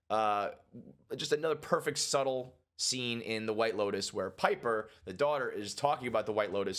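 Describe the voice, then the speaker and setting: Speaking on the low side, this man reacts to and breaks down a TV episode casually as a reviewer. He curses freely, stays animated, and voices the characters' lines in rapid impressions.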